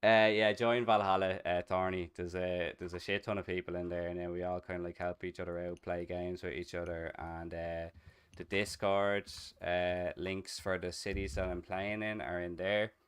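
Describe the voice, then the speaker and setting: A man's voice: low voice, flat delivery, normal speed, clear, resonant tone. A young Dublin Irish man chatting casually and rambling while streaming a roleplay game, swearing freely. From Ireland.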